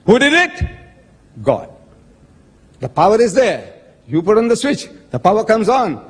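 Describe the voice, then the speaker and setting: In an echoey hall with long reverb, a man argues in a public religious debate, his high, sing-song voice carrying a breathy edge and a slightly slow pace. He's pointed and emphatic, quoting scripture dramatically and calling his opponent sir.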